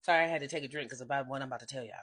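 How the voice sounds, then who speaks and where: A woman in her thirties telling a confession story on her vlog, animated and profane, swinging between hushed and loud. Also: extremely low pitch, rapid-fire. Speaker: vlogger.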